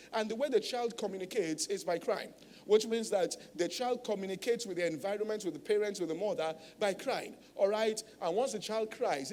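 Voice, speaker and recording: Male pastor with a high voice, preaching with emphasis and frequent tag questions, in a reverberant hall. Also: a little mellow. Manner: emphatic teaching, tag questions like "all right?". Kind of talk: sermon.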